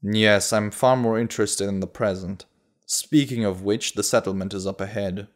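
A man's voice: fairly low pitch, fairly even intonation, moderate pace, natural voice. A man voicing a brash, ruthless human bandit leader in an audiobook, talking in a cocky, offhand way. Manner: cocky, offhand, shouts when demanding.

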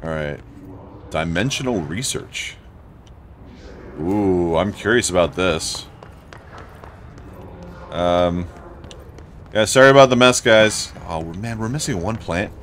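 A man's voice: deep voice, lively intonation, slow, pauses often, a little hiss or hum. A young man commenting casually on his gameplay, thinking aloud and swearing often. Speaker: let's play gamer.

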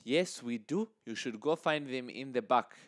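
A man from Zambia giving a casual language lesson, repeating phrases slowly and lifting his voice on the quoted lines. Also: medium pitch, lively intonation, no echo, studio quality. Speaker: language teacher.

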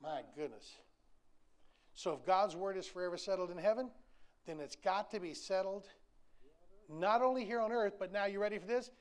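A man's voice: sits high, normal speed, pauses often. A man, preaching a sermon in an emphatic, folksy, repetitive way with touches of humor. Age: 60s. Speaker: pastor.

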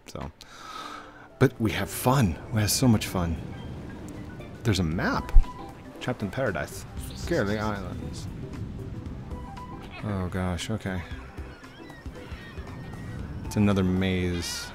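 A man's voice: low-pitched, takes it slowly, long pauses. A man hosting a casual let's-play, chatting and talking to himself as he plays. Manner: chatty, self-talking, restarts. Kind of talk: casual gameplay commentary. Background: game music.

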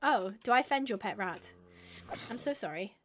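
A young woman live-streaming a game in casual chatter, reading chat aloud and breaking into excited squeals. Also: medium pitch, moderate pace, heavy background noise.

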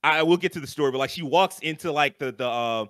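A young man with a bright, forceful voice, pitched a little high, talks through a casual podcast chat. He gets animated, swears freely and leans on fillers. The mic sound is close and dry. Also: quick pace, no room sound. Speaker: podcast co-host.

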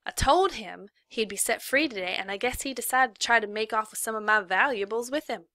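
A woman's voice: fairly high pitch, a little fast, sharp tone, no room sound. A woman reading a cold lying camp warden. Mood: defensive.

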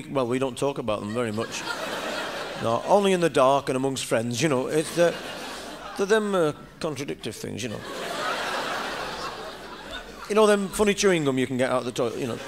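A middle-aged man with a Lancashire accent telling a rambling stand-up story on stage, peppered with "you know". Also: on the high side. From Lancashire, England. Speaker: stand-up comedian. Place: stage in front of a live audience. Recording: live stage recording with noise.

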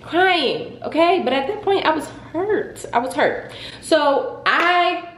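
A young woman casually telling a dramatic story on her vlog, in a lively, expressive way. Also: high voice, slow pace, a little hiss or hum. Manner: dramatic, animated retelling. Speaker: vlogger. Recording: echoey room.

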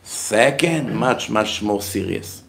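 Slow, creaky, and fairly low-pitched yet animated, a man lectures on religion as a rabbi in a heated, blunt manner. He asks and answers his own questions, rising to loud, forceful emphasis when making a point.

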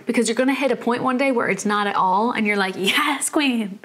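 A woman's voice: fairly high pitch, fast, a bit bright. A young adult woman hosting her own vlog, talking in a bubbly, enthusiastic and encouraging way. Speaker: vlog host. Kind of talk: upbeat motivational vlog talk.

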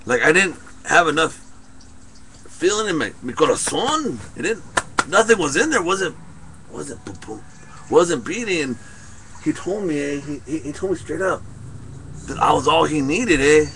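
In an improvised comedy skit, a young man plays a hard yet sentimental ex-con, ending lines with a drawled "eh?". His voice is a little high and expressive, at a moderate pace with long pauses, over a noisy background.

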